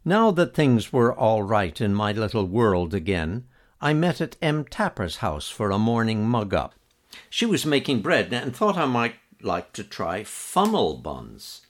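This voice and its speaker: A man narrating a memoir in an even, measured storytelling manner. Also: lowish voice. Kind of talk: reading a memoir aloud.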